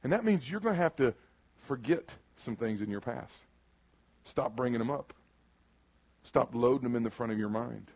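A man preaching a sermon in a church room, who moves from loud bursts to quiet, earnest passages and acts out the voices he quotes. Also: mid-range voice, expressive, moderate pace, pauses often, breathy edge. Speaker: pastor.

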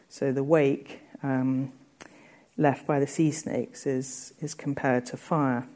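Low, mellow woman giving a poetry lecture. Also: level tone. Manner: reads verse quotations slowly and deliberately between explanations; frequent ums, conversational explaining. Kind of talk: literature lecture.

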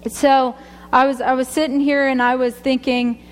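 A woman's voice: high-pitched, little pitch movement, moderate pace, long reverb tail. A woman sharing a personal faith testimony, rambling and chatty, often laughing at herself. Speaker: speaker giving a testimony.

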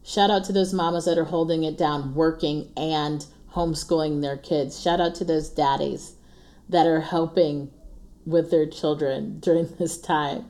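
A woman's voice: low-pitched, fairly even intonation, a little slow, mellow. A woman, hosting an earnest, encouraging faith-based monologue in a casual tone, often laughing and repeating her refrains. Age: 40s. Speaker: podcast host.

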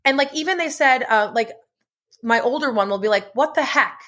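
A woman's voice: fairly high pitch, a little fast, fairly bright tone. A woman in her thirties co-hosting a podcast, talking frankly and casually about parenting. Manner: agreeable, frank, swears casually. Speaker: podcast co-host. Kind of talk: casual chat.

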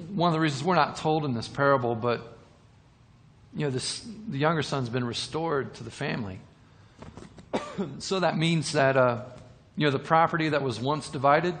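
A man's voice: a little high, a bit bright, big-room sound. A man preaching a sermon, retelling a parable with repeated words and rhetorical questions.

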